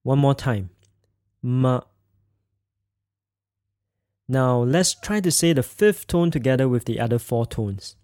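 Guy teaching a podcast lesson, slow clear demo voice, super dry recording. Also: mid-range voice, expressive, dark tone, no room sound. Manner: slow, clear demonstrating of tones. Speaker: language teacher.

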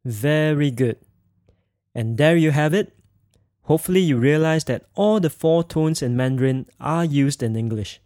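A man teaching a podcast language lesson, speaking slowly and clearly as he demonstrates tones. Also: a little high, a little mellow, dry recording, clean studio sound.

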